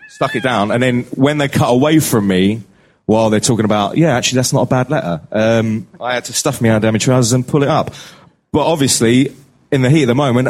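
Cheeky London man chatting. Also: medium pitch. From East London. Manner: cheeky, joking, swears freely. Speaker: guest actor. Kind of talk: casual chat.

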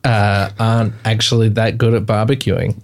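A man guesting on a comedy podcast, talking in a deadpan, mock-serious way. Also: lowish voice, moderate pace, creaky. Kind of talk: casual comedy podcast banter.

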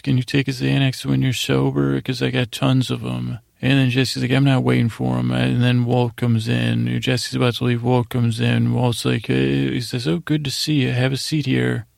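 A man hosting a bedtime podcast, rambling through a TV episode recap in a low-key, filler-heavy way. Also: gravelly, dry recording, studio quality. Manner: rambling, monotone retelling with lots of fillers. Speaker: podcast host.

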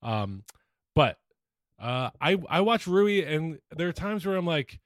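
A man's voice: on the high side, sing-song, moderate pace, no echo, studio quality. A man co-hosting a casual sports podcast, rambling with many fillers and tangents. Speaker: podcast co-host.

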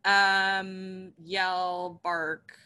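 Woman, casual guest, bright voice, slow unhurried talk, lively high pitch. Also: clear, resonant tone. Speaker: podcast guest. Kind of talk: casual chat.

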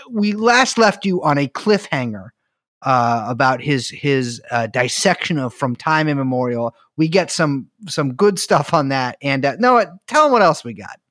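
A man's voice: medium pitch, a bit bright, no room sound. Podcast guy rambling through a funny story, dry close mic. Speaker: podcast co-host. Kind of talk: casual chat. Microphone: studio mic with headphones.

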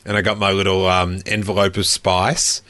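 A man's voice: deep voice, level tone, normal speed, sharp tone, dry recording. A man hosting a podcast, chatting casually and laughing while he tells a story. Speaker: podcast host. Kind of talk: casual chat.

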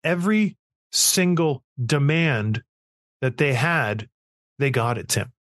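A man's voice: medium pitch, animated, takes it slowly, a bit bright, no room sound, studio quality. A middle-aged man hosting a sports podcast, ranting in an emphatic, exasperated way in casual talk. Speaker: podcast host.

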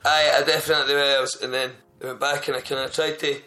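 A man's voice: mid-range voice, flat delivery, fast talker, sharp tone, soft background music. A man telling a long, rambling, sweary workplace story in casual podcast chat. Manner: sweary, rambling anecdote with frequent restarts. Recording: roomy echo.

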